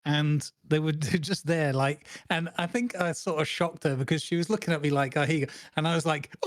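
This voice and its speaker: A man's voice: a little high, fairly even intonation, moderate pace, no room sound, clean studio sound. A man, co-hosting a casual chat and telling a long, rambling story full of restarts and fillers. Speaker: podcast co-host.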